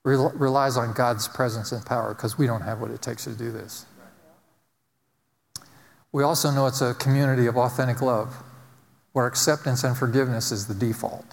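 A man's voice: medium pitch, steady tone, normal speed, vocal fry, long pauses. A man preaching a sermon as pastor, emphatic and repetitive, driving points home with repeated phrases. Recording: long reverb of a large hall.

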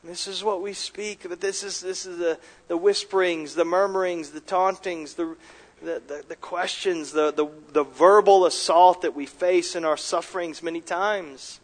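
Guy pastor preaching, kinda high voice, earnest, keeps restarting and punching words. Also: steady tone, normal speed. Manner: earnest preaching with repeated restarts, emphatic rises. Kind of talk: sermon.

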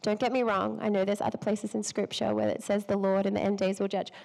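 Creaky and darkish, with a medium, fairly flat pitch, this woman talks fast despite a cold as she gives a sermon to an audience of women. She has a noticeable non-local accent, jokes at her own expense, laughs a lot, and occasionally loses track, all in a rough recording.

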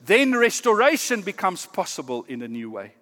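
A pastor giving a sermon in an earnest, measured way, often dropping to a quiet, emphatic tone. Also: male voice, high-pitched, big pitch swings, big-room sound.

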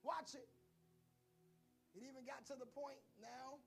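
A male preacher, delivering a sermon that swings between playful quiet asides to the congregation and shouted preaching. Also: very high voice, fairly even intonation, measured pace, gravelly, faint music behind.

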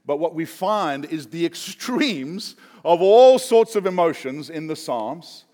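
Male preacher, slightly high voice, relaxed joking sermon, long hall echo. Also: takes it slowly. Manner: chatty, joking, with frequent fillers. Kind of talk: conversational sermon.

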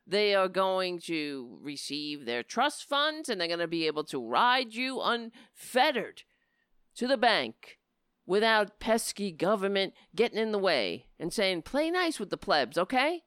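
A woman's voice: medium pitch, very animated, unhurried, a bit bright, smooth, no room sound. A woman delivering a sarcastic, scornful political rant on a close mic, often slipping into mocking voices. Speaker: political commentator.

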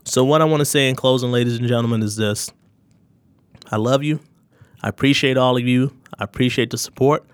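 Man, podcast host, earnest, heartfelt, motivational, mid pitch, dry sound. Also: fairly quick, clean tone, dry recording. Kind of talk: solo podcast thank-you message.

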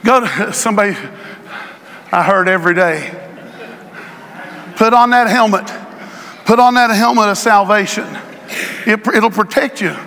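A middle-aged male pastor preaching to his congregation, drawing out phrases for emphasis and rising to shouts. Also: high-pitched, measured pace, pauses often. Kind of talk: sermon. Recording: long hall reverb.

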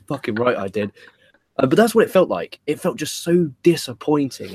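A young man co-hosting a podcast, reviewing wrestling in a rambling, animated way and swearing freely. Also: medium pitch, a little slow, slightly rough, dry recording. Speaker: podcast co-host. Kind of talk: casual wrestling review chat.

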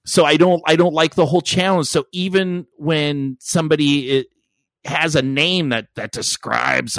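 A man's voice: a little high, fairly even intonation, normal speed, fairly bright tone, no room sound. Crude joking man, dry studio sound. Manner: crude, joking, self-mocking. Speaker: podcast co-host. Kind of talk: casual banter.

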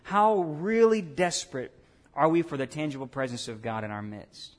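Pastor guy preaching, kinda high voice, chatty, keeps asking the crowd stuff. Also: normal speed. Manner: conversational preaching with call-and-response asides. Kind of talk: sermon.

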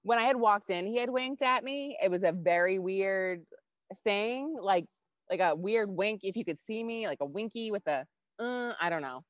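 A woman co-hosting a podcast, telling a personal story in casual, animated chat and swearing freely. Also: mid-range voice, moderate pace, no echo. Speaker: podcast co-host.

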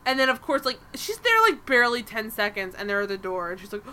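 A woman hosting a casual podcast, talking in an animated, exasperated way and swearing freely. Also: on the high side, fast talker. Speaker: podcast host. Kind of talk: casual chat recapping a TV episode.

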